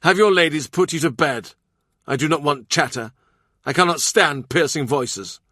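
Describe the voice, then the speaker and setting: Man playing a middle-aged king, imperious, mocking, loud, raised pitch, dry. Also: moderate pace, no room sound. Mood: irritable. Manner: commanding, scornful, impatient.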